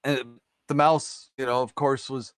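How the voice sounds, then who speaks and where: A man's voice: medium pitch, little pitch movement, a little slow, no echo, studio quality. Rambling man telling a folktale. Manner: rambling, filler-heavy, keeps asking "right?". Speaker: live-stream host. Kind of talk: casual folktale storytelling on a live stream.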